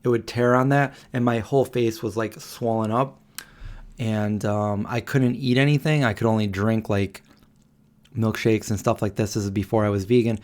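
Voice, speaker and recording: Hosting a live Q&A stream, a man in his forties tells a casual, meandering story, with frequent fillers and restarts. His fairly low voice stays fairly even at a moderate pace, and it sounds a little mellow.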